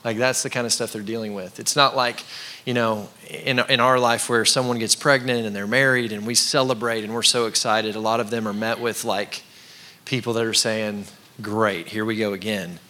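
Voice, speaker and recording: A man's voice: mid-range voice, level tone, normal speed, sharp tone. A man in his thirties, a pastor giving a casual, conversational sermon in a church and calling on the congregation to repeat words back. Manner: conversational preaching with call-and-response. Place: church sanctuary.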